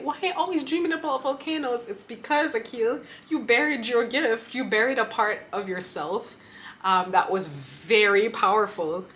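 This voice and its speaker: A young woman vlogger telling a personal story to camera, animated, often laughing and backtracking. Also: mid-range voice, slight background noise. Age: young adult.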